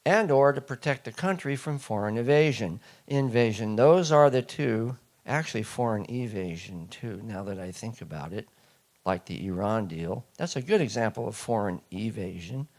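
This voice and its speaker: A man's voice: on the low side, lively intonation, normal speed, a little mellow. A man giving a speech to a live audience, emphatic and asking the listeners one rhetorical question after another. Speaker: speaker.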